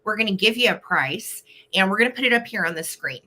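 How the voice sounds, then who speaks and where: Bright, bubbly woman hosting a live stream. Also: mid-range voice, expressive, fast. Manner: bubbly, giggly, chatty. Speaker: host of a live vintage sale stream. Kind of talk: casual live-stream chat. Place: at home.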